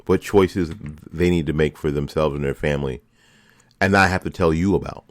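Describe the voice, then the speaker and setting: A man's voice: very deep voice, dry recording, studio quality. A man hosting a political commentary show, delivering an impassioned opinion monologue full of repeated rhetorical lines. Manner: impassioned, repetitive rhetorical questions.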